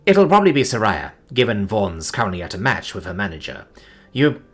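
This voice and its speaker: A man's voice: on the low side, wildly swooping pitch, fairly quick, slightly rough, soft background music, exaggerated voice. A man doing a stiff, formal woman chauffeur. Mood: earnest. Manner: formal and stiff, a little awkward.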